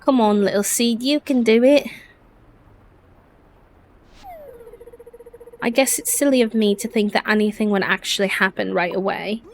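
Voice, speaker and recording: A woman voicing an earnest young female villager in a deliberately bad English accent, reading the lines playfully. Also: medium pitch, vocal fry, a little hiss or hum, close to an everyday voice. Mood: excited. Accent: put-on bad English accent.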